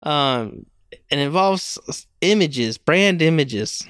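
A man's voice: a little high, lively intonation, slow, a bit bright, clear, resonant tone, dry recording, studio quality. A young man hosting a podcast alone, rambling casually, mocking himself and laughing often. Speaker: podcast host.

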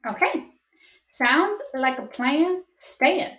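A woman co-hosting a sports podcast, reading out each matchup in a playful, giggly way. Her voice sits a little higher than most, and the recording has a noticeable echo from the room. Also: expressive, very slow, fairly bright tone, far from the mic. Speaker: podcast co-host. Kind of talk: casual sports chat.

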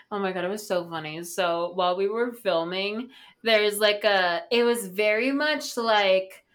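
A young woman co-hosting a casual podcast, lively and quick to object, telling stories at a fast clip. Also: medium pitch. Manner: lively, indignant, fast storytelling. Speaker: podcast co-host. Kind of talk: casual chat.

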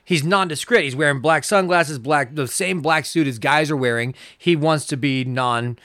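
A man's voice: fairly high pitch, moderate pace, fairly bright tone, no room sound, clean studio sound. A man co-hosting a casual podcast, riffing sarcastically on a film with heavy swearing. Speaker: podcast co-host. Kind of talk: casual movie-recap podcast chat.

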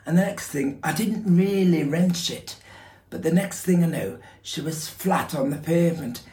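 An actor playing a fussy middle-aged Northern English son in a wry monologue, doing a Northern English accent and quoting other voices. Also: male voice, on the high side, moderate pace, mellow, echoey room, pitched above the performer's own voice, natural voice.

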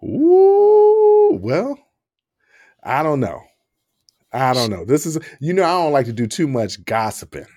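A man's voice: medium pitch, moderate pace, pauses often, dry recording, studio quality. A man co-hosting a podcast, chatting casually and animatedly, often laughing. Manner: animated, talks with his hands, laughs often. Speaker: podcast co-host. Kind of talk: casual chat.

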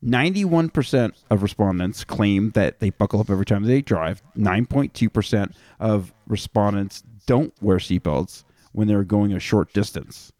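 A man with a low voice hosts a loose podcast chat. He reads figures aloud and breaks them up with crude asides. His mic sounds dry and close. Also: normal speed, dark tone, no room sound. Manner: reads statistics with offhand jokes. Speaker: podcast host.

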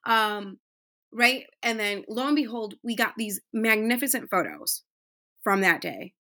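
A woman's voice: mid-range voice, animated, measured pace, pushed and bright. A woman in her thirties hosting a casual, heartfelt monologue, chatty with many fillers. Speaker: podcast host.

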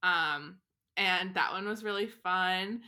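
A young woman co-hosting a podcast, telling stories in an animated, giggly way. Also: on the low side, slow pace. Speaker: podcast co-host. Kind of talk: casual chat.

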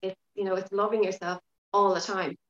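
A woman's voice: medium pitch, fairly quick. Frank woman in a roomy, muffled recording. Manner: frank, lively, swears casually. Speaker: podcast guest, yoga teacher. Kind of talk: casual interview chat.

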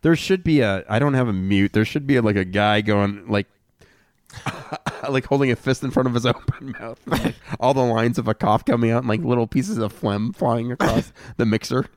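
A man's voice: medium pitch, normal speed, no echo, studio quality. A man hosting a casual podcast, joking and swearing, often breaking into laughter while giving advice. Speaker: podcast host. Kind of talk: casual chat. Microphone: podcast studio mic.

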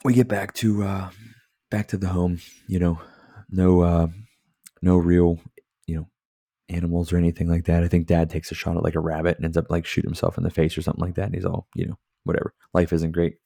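A podcast host with a deep, mellow voice and vocal fry talks briskly with little pitch movement, rambling through a casual movie review. He sips beer, swears, and uses lots of filler words, and the recording is dry and studio-clean.

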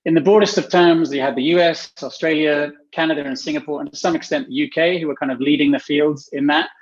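A man's voice: fairly high pitch, fairly even intonation, fast. A man talks from his home office over a video call. He speaks thoughtfully and restarts his sentences now and then. The audio sounds muffled. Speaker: panel guest, healthy workplace specialist. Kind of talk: casual panel talk.

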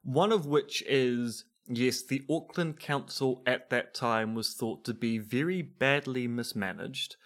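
A man co-hosting a podcast, talking casually as he lays out the background. His delivery is wry and explanatory, and his voice sits at a middling pitch. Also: takes it slowly, few pauses, fairly bright tone. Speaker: podcast co-host. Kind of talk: casual chat.

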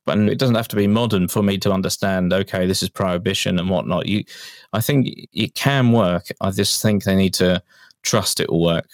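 Chatty low-voiced man. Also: moderate pace, no echo, studio quality. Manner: animated, chatty, laughs often. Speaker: podcast co-host. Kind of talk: casual chat.

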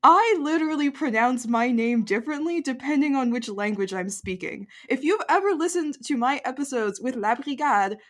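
Animated bilingual woman podcast co-host. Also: high-pitched. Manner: bilingual, quick and animated, apologetic and earnest. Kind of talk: casual podcast chat.

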